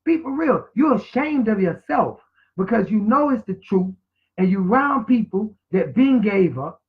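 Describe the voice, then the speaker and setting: A man's voice: high-pitched, expressive, measured pace. A man giving an informal class lecture in a preachy way, repeating words and spelling them out letter by letter. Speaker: teacher. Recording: tinny phone-like sound.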